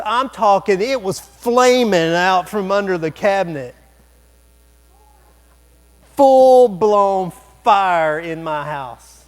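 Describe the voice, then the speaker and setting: A man preaching a sermon as a pastor, telling a story with lively humor and quick asides. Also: high voice. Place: church sanctuary.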